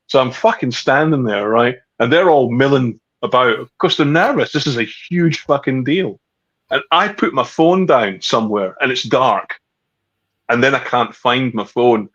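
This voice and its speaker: A man's voice: medium pitch, moderate pace, highs cut off. A middle-aged man with a Scottish accent, a podcast guest chatting casually and swearing freely as he tells stories. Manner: swears freely, animated storyteller. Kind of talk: casual chat.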